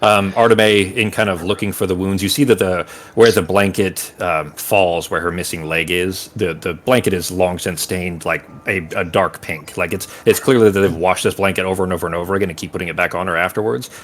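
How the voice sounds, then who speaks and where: A man's voice: low-pitched, fairly even intonation, brisk, few pauses, fairly bright tone, a little hiss or hum. A man running a tabletop game as game master, rambling and searching for words while he describes scenes in vivid detail.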